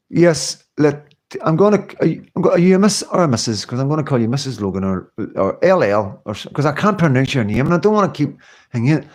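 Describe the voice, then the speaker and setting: A man's voice: on the high side, very animated, a little fast, darkish tone. A man hosting a live stream, chatting casually and earnestly to his viewers, rambling, repeating himself, swearing in passing and answering their comments. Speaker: livestream host.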